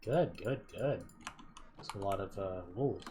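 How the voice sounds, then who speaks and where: A man's voice: deep voice, lively intonation, measured pace, noisy background. A man streaming a game live, chatting loosely, muttering to himself and answering his viewers. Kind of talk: casual live gameplay commentary.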